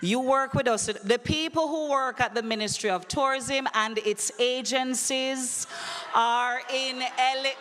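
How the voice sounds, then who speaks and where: A woman's voice: sits high, a little slow, fairly bright tone, slight background noise. A woman hosting a live audience quiz at a conference, playful and teasing with a dramatic flair, on a handheld mic in a large hall. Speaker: conference emcee. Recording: echoey hall with long reverb.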